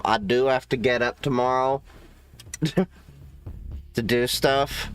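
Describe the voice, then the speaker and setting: A man's voice: medium pitch, a bit bright. A man hosting a casual livestream, rambling and swearing freely as he reacts to viewer chat from a home setup. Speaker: livestream host.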